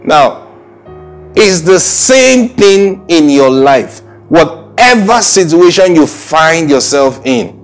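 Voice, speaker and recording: A man's voice: fairly high pitch, big pitch swings, slow pace, faint music behind. A middle-aged man preaching an earnest weekly sermon, often repeating praise phrases and restarting his sentences. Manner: frequent restarts and stammers.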